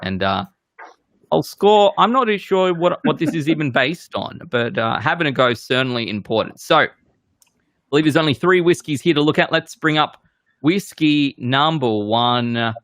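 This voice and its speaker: A man hosting a relaxed game show with a bright, forceful voice. He rambles and jokes at his own expense, and the sound is close and dry. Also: on the high side, moderate pace, no room sound. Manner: self-deprecating, loose and rambling. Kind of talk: casual hosting banter.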